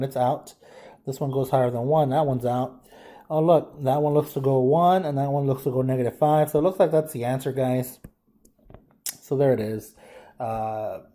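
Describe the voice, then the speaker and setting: A man's voice: mid-range voice, warm tone. A man teaching a math lesson, thinking aloud casually as he works problems and addresses the class as guys. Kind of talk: informal lesson walkthrough.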